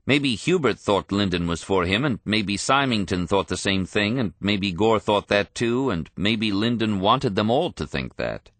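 A man's voice: on the low side, expressive, a little slow, hardly any pauses, fairly bright tone, dry recording. A man reading the recollections of a wry young male senator in an audiobook.

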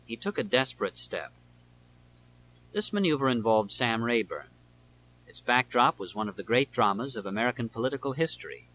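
A man reading nonfiction aloud as an audiobook narrator, in a measured, deliberate way. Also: mid-range voice, pushed and bright, slight background noise, rough recording.

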